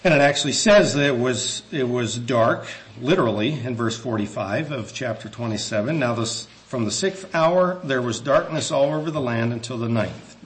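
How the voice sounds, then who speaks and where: In a church, a man preaches an earnest, measured sermon with some hesitant restarts, slowing down whenever he reads scripture. He has a mid-range voice.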